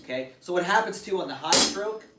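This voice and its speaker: A man's voice: high-pitched, expressive, a little fast, loud music behind the voice. A man teaching drum grooves in a casual demo, counting beats aloud and explaining plainly at his kit. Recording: roomy and distant, loud drums behind. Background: loud drum playing.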